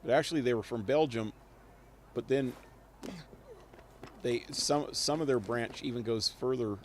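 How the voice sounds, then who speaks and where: A man's voice: medium pitch, a little slow, slight background noise. A man live-streaming a video game, rambling and thinking aloud with chuckles. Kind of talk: live gameplay commentary.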